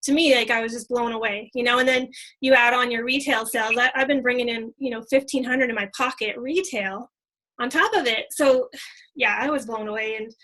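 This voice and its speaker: Bright, high-voiced excited woman. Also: a little fast, rough recording. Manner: excited, chatty, full of fillers. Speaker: team leader. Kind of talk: casual team training talk.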